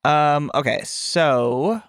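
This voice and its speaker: A man playing a tabletop game on a podcast, jokey and quick to laugh. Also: on the high side, fairly bright tone, smooth, dry recording, studio quality. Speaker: podcast player. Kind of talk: casual tabletop game chat.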